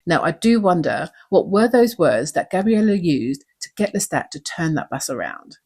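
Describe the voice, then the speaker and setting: Woman doing a show recap, kinda husky, voice goes up and down a lot, low-ish. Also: very animated, normal speed, darkish tone. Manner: earnest and emotional, asks many rhetorical questions. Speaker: YouTube show recap host. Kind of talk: episode breakdown commentary.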